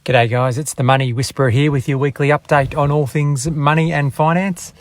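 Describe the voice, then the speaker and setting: An Australian man giving a casual weekly finance update in a relaxed, halting way. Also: fairly high pitch. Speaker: finance segment presenter.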